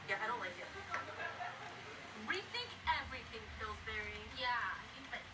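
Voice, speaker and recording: A woman in casual cooking show banter, lively and teasing. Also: a little high, normal speed, recorded from a distance, very noisy.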